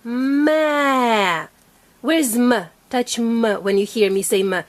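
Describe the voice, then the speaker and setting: A woman's voice: a little high, normal speed, a little mellow. A woman teaching a young child to read at home, patiently sounding out letters and praising each try. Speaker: reading teacher. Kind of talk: phonics lesson with a young child.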